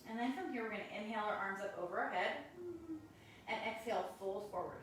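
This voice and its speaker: A woman yoga instructor guiding a class through poses, calm and practical, slightly out of breath as she does the poses with the class. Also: medium pitch, fast, a little hiss or hum. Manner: calm step-by-step cues with self-aware asides. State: a little out of breath while doing poses. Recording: very echoey room, mic at a distance.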